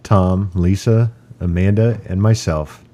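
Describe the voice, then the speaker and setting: Deep-voiced, jokey podcast host man. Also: fairly even intonation, slow, mellow. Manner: jokey, laughs often. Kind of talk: casual podcast banter.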